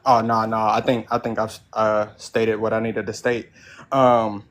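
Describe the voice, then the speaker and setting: Blunt, halting man on a panel. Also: lowish voice, level tone. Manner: blunt, halting, repeats words. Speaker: panel guest. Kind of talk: live panel debate.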